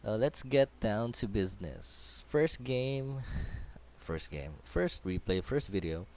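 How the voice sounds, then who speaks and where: A man's voice: lowish voice, animated, slow, a little mellow. A young man with a Filipino accent, rambling casually through a game tutorial with lots of ums and restarts. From Philippines. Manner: chatty, rambling, many fillers and restarts. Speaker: gaming tutorial host. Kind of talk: casual game commentary over replay.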